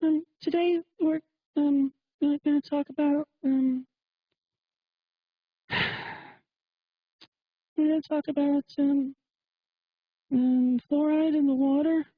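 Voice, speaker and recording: A man doing a halting, timid woman radio host. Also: extremely high pitch, steady tone, dry recording, muffled recording, pitched above the performer's own voice. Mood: hesitant. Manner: halting, full of ums. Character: timid awkward female radio host, hesitant.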